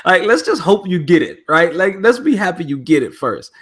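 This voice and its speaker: A man hosting a podcast in casual chat, relaxed and steering the talk between topics. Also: high voice, moderate pace, breathy edge. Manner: relaxed, steers the conversation, reads chat aloud. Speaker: podcast host.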